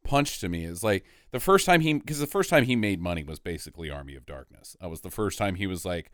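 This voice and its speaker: A man's voice: deep voice, animated, fairly quick, few pauses, a bit bright, clean tone, no room sound, clean studio sound. A man co-hosting a casual podcast chat, jokey and loose, swearing freely. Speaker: podcast co-host.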